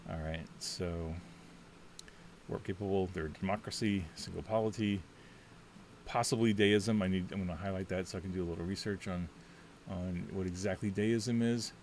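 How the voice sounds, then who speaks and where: Brief: deep-voiced man, chatty and rambling, narrating his solo tabletop play; faint hiss underneath. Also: steady tone, normal speed. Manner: rambling, chatty, thinks out loud with many fillers. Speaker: solo tabletop game player. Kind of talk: casual thinking-aloud game walkthrough.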